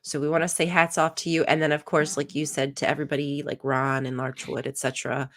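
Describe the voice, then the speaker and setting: Low-voiced woman, chatty podcast co-host. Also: flat delivery, fast talker, fairly bright tone. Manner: chatty, frequent "like" and "um" fillers. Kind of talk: casual podcast chat.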